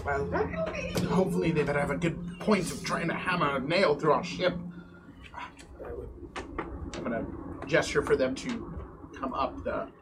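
A man's voice: on the high side, moderate pace, long pauses, very noisy. A man playing a tabletop role-playing game, speaking casually and a bit hesitantly in character. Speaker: player.

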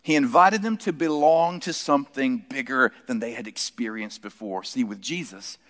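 Male preacher, storytelling sermon, middle pitch, long hall reverb. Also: lively intonation, moderate pace, hardly any pauses. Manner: storytelling, drops to soft emphatic quotes.

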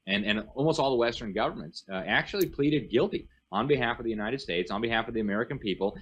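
A man speaking as a guest commentator in an interview, emphatic and rattling off long lists. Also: fairly low pitch. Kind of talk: animated interview talk.

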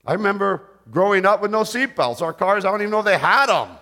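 An older male pastor preaching a sermon, dropping to hushed prayer and then rising into loud, quick storytelling. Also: high voice, lively intonation.

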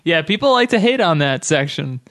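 A man's voice: fairly high pitch, very animated, brisk, fairly bright tone, no echo. A man hosting a podcast, chatting casually and enthusiastically in loose, rambling phrases. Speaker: podcast host. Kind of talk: casual chat.

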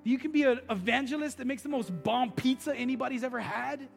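A male pastor preaches a sermon, telling stories in a loose, conversational and animated way. His voice is extremely high, fast and creaky. The sound is that of a big room, with soft music in the background.

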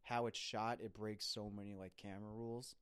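A man's voice: fairly low pitch, little pitch movement, a little fast, a bit bright, clean tone. A man co-hosting a casual movie review podcast, incredulous and swearing, often laughing along. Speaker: podcast co-host.

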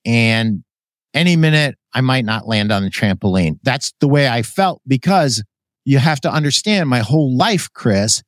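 A man hosting a podcast, telling stories from his career in a blunt, animated way, swearing freely and acting out what others said. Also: medium pitch, moderate pace, no room sound. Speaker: podcast host. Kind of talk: casual storytelling chat.

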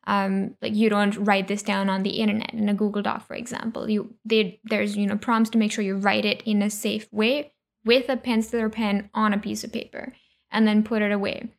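A woman's voice: mid-range voice, creaky. A woman co-hosting a podcast, explaining things in a casual, hesitant way as she searches for words. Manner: hesitant, with many fillers and restarts. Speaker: podcast co-host.

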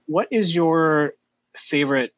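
A man hosting a podcast, asking questions in a relaxed, hesitant way with fillers. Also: on the high side, takes it slowly, no room sound, lo-fi sound. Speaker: podcast host. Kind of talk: casual interview chat.

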